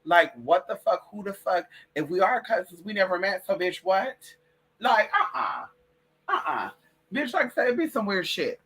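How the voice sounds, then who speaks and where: A woman's voice: mid-range voice, very animated, normal speed, a bit bright, husky. A woman hosting a late-night livestream in casual, profane chat, calling her listeners girl and y'all. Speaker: livestream host.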